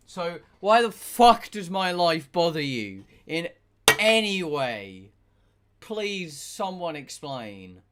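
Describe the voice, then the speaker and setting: A man's voice: a little high, very animated, slow, noisy background. A young man, chatting casually and ranting with exasperation while he streams a game. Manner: ranting, exasperated, swears a lot. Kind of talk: casual chat while gaming.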